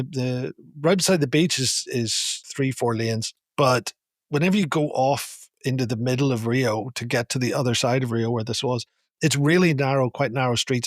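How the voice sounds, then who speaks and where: A man co-hosting a podcast, telling an animated taxi story with laughs, in a casual chat. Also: medium pitch, normal speed, no room sound, clean studio sound. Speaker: podcast co-host.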